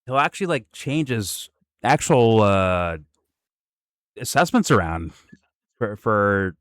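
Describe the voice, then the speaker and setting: Man, reaction host: low voice, laid-back casual chat, laughs easily, dry close sound. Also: very animated, slow pace, no echo.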